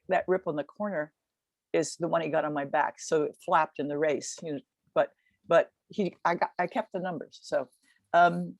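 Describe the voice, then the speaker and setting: Close-miked and echo-free, a creaky, fairly low voice belongs to a woman in her seventies telling a podcast interviewer about a race. She retells it vividly and energetically, tumbling through rapid restarts.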